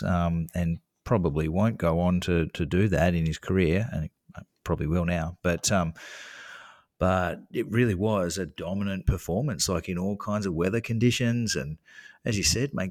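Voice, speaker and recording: Deep-voiced man, relaxed. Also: dry recording, studio quality. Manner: relaxed, rambling, calls the other host mate. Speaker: podcast co-host. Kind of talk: casual chat on a video call. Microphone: hardwired call with video off.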